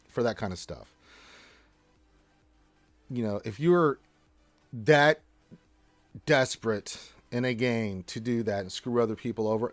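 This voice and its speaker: A man's voice: medium pitch, no room sound. A man hosting a casual gaming livestream, reading chat in a blunt, emphatic, rambling manner.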